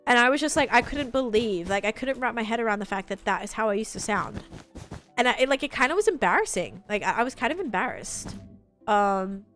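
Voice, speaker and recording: A young Australian woman with an accent half worn toward American chats to her stream, rambling loosely with a filler every few words. Her voice sits a little high, and faint music plays under her talk. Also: lively intonation, a little fast, a bit bright. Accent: Australian, softened toward American. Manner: chatty, rambling, many "like" fillers. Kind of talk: casual chat with live chat.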